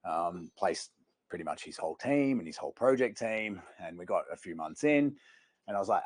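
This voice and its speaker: A man's voice: low voice, normal speed, no echo. A man running a recruitment sales workshop, telling stories energetically to the room. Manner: energetic storyteller, addresses the room. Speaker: sales trainer. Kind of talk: training workshop talk.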